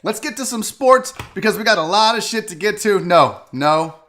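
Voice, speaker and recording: A man hosts a loose live sports stream, rowdy and profane, drifting off topic. His voice is bright and forward, pitched a bit high for a man. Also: animated, normal speed. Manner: profane, rambling, rowdy, drinking on air. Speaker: host of a live sports show.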